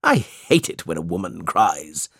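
Storybook uncle, cold and commanding, with lively pitch swings, read by a man. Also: unhurried, vocal fry, husky, no echo, clean studio sound, full character voice. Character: cold, domineering older male uncle.

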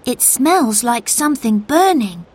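A woman's voice: fairly high pitch, sing-song, measured pace, darkish tone, breathy edge, voice pushed up, full character voice. A woman voicing an anxious, caring girl in a storybook reading. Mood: earnest.

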